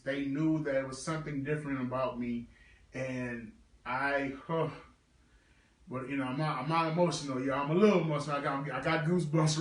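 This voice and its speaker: A man in his thirties talking casually on a livestream tribute to his late brother, halting and heartfelt, with many fillers. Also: mid-range voice, roomy sound, recorded from a distance, rough recording. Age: 30s. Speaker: livestream host.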